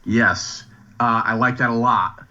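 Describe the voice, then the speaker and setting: A man's voice: medium pitch, fairly even intonation, a little slow, bright, forceful tone, highs cut off. A man appearing as a podcast guest in casual chat, enthusiastic and sometimes searching for words.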